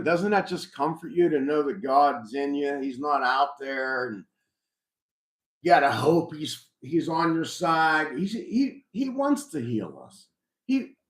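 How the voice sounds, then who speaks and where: A middle-aged man hosting a casual live chat, reflective and rambling with frequent restarts. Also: a little high. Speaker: host. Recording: roomy echo.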